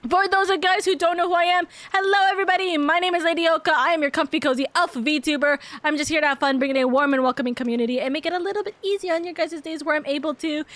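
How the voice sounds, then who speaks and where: A woman with a high, bright speaking voice hosts a casual live stream. She rattles on quickly and affectionately, repeating herself as she greets her viewers one after another. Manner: bubbly, affectionate, rapid and rambling. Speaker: VTuber streamer.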